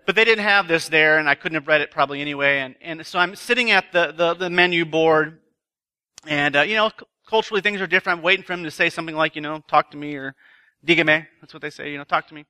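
Before a live retreat audience, this man preaches a conversational sermon built around funny, self-deprecating stories from his own life. His fairly high voice moves fast, bright, forceful and smooth.

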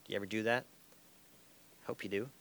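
A man's voice: fairly low pitch, fairly even intonation, fairly quick, a bit bright. A man teaching an interactive Bible study class in a church room. He tags his points with "right?" and light chuckles.

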